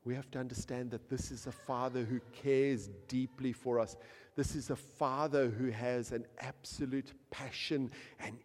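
A man preaching a sermon, swinging from hushed, quiet lines to loud, emphatic peaks. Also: fairly low pitch. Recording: long hall reverb.

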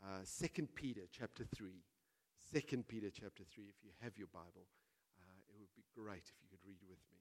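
A man preaching a sermon as pastor, telling a story with big swings between hushed and loud delivery. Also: on the low side, fairly quick. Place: church hall. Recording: reverberant church hall.

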